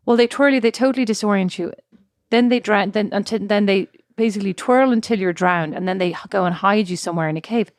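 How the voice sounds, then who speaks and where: A woman's voice: mid-range voice, quick pace, no echo, studio quality. An Irish woman co-hosting a podcast, chatting casually and telling stories, acting out other people's voices. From Ireland. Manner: chatty storyteller, acts out quoted voices. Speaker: podcast co-host. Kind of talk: casual chat.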